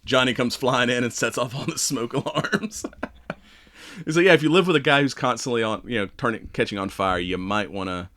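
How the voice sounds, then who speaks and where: A man's voice: medium pitch, fairly bright tone. A man co-hosting a podcast, chatting casually about a movie, laughing often and acting out characters' lines. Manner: laughing, acts out lines in quick voices. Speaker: podcast co-host.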